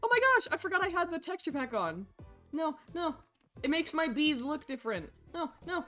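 Woman, live game streamer, excitable, mutters then shrieks, high voice, faint game music behind. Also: a little fast. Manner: excitable, swings from mumbling to shrieking.

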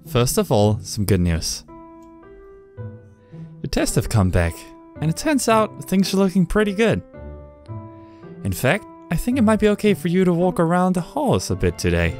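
A man voicing a calm, measured male doctor with a dry, teasing manner in a game. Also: sits high, faint music behind, pitched above the performer's own voice. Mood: stern.

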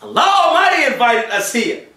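A man giving a Friday sermon, switching between shouted acted-out voices and hushed, quiet passages. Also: very high-pitched, very animated, normal speed, gravelly. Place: mosque prayer hall. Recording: echoey room from a distance.

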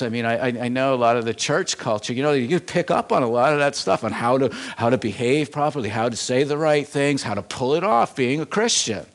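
A pastor preaching to his church in a casual, talking-it-through way, his voice sitting a little high for a man. He often doubles back on words and restarts phrases, rising to emphatic points and then dropping to hushed ones. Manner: conversational preaching with frequent repetitions and restarts. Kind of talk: sermon. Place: church sanctuary.

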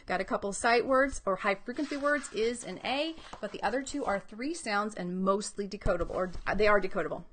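A woman's voice: medium pitch, a little fast, few pauses, a bit bright, a little hiss or hum. A woman reading educator giving an upbeat, explanatory teaching talk about children's books, thinking aloud as she goes.

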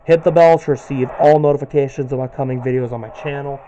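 A man's voice: mid-range voice, steady tone, fast talker, muffled recording, noisy background. A man hosting a gaming channel, giving casual commentary and narrating each move as he plays.

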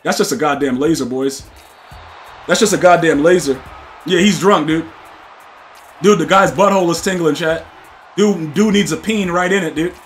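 A man streaming a football video game, talking to his chat in excitable, trash-talking commentary that keeps breaking into loud shouts. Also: a little high, moderate pace, long pauses, faint music behind. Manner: excitable, trash-talking, repeats "dude" and "bro". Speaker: gaming streamer. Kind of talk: live gameplay commentary to chat.

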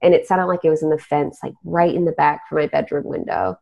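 A woman's voice: sits low, sing-song, fairly quick, gravelly, warm tone. A young adult woman hosting a podcast, telling a spooky story in casual chat. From Texas. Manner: storytelling, trailing off. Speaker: podcast host. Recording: dull lo-fi recording.

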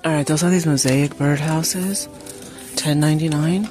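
In a low-pitched, slightly mellow voice with fairly even intonation and normal speed, a shopping vlogger reads prices aloud as she walks a large indoor store. It's a casual shop-with-me chat with her viewers; she's a little sniffly from allergies, and store ambience noise runs underneath.

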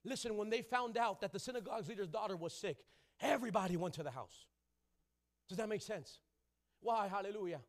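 A man preaching a sermon in a church, calling out to the congregation and rising into loud shouting. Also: high-pitched, animated, fast talker. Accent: Southern California. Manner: call-and-response preaching, building to loud shouting. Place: church sanctuary.

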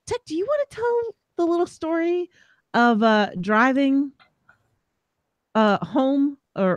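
A woman's voice: fairly high pitch, dry recording, studio quality. Chatty woman with a New York accent. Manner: chatty, laughs easily. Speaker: podcast co-host. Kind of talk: casual chat.

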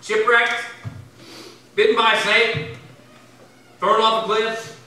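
Pastor guy preaching in a big echoey church, sharp bright voice, mic kinda far off. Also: little pitch movement, slow, slight background noise. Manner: swings from loud emphatic bursts to low quiet asides. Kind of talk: sermon. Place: church sanctuary.

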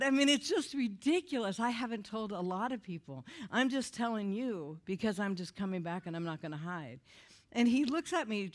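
A middle-aged woman giving a confessional testimony in a church, telling her story with emotion and laughter. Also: fairly high pitch. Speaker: guest speaker. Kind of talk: testimony sermon.

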